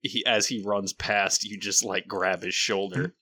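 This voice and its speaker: A man's voice: lowish voice, little pitch movement, a little slow, pushed and bright. A man playing a tabletop role-playing game, chatting casually and hesitantly. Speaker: player.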